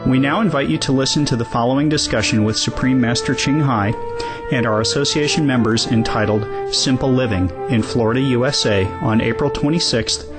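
A man reading formal scripted narration at a measured pace. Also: medium pitch. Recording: narration over music.

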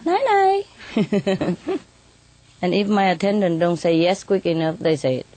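Woman with a slightly low voice telling stories about her birds, chatty and quick to laugh. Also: steady tone, warm tone, dry recording. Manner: chatty, laughs often, many "you know" tags. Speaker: bird keeper telling stories. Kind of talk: casual storytelling in an interview.

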